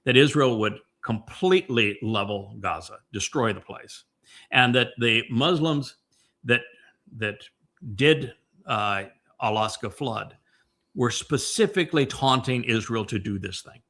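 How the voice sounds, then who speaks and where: Bright-voiced man rambling through commentary. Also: medium pitch. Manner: meandering, many fillers and restarts; emphatic, slows down on key points. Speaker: podcast host. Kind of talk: casual commentary chat.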